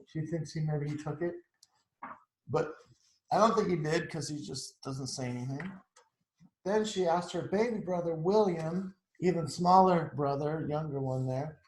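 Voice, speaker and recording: A man's voice: on the high side, measured pace, echoey room, poor audio. A man reading a picture book aloud to children, chatting about the pictures as he goes. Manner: chatty, adds asides to the pictures. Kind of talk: storytime read-aloud.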